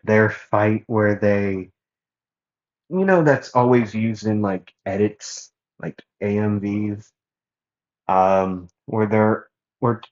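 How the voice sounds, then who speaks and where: Slow, low-voiced man rambling a fan story. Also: a little mellow, lo-fi sound. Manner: rambling, full of fillers and self-corrections. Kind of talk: casual fan-fiction narration.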